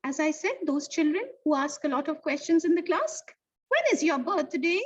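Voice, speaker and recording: High-voiced animated woman teaching children. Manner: animated, sing-song teacher talk with slow stressed words. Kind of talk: online lesson for young children. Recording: distant, dull lo-fi sound.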